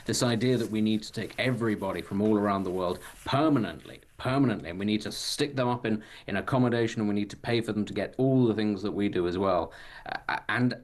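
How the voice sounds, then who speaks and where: A man's voice: lowish voice, fast talker. A man, a guest commentator on a radio show, dry and sarcastic in his opinions.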